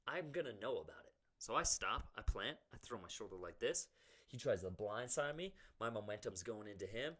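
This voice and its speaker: A man's voice: fairly low pitch, lively intonation, moderate pace, sharp tone. A young man co-hosting a podcast, telling a crude, jokey story in casual chat. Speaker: podcast co-host.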